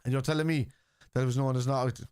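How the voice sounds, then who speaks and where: A man's voice: mid-range voice, fairly even intonation, quick pace, a little mellow, clear, resonant tone, dry recording, clean studio sound. A man, chatting live on a football stream, blunt and argumentative with viewers. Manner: blunt and argumentative, swears freely. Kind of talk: casual live-stream chat, answering viewers.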